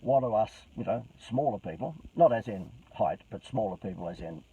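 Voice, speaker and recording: A man's voice: on the low side, expressive, normal speed, mellow, husky, recorded from a distance, low-quality recording. A man hosting a casual business marketing talk, rambling, joking and salesy.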